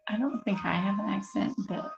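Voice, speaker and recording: Chatty woman with a creaky voice. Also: medium pitch, fairly quick, dull audio, noisy background. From Kansas City area. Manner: chatty, rambling, laughs often. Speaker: beauty vlogger chatting with viewers. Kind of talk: casual chat to camera.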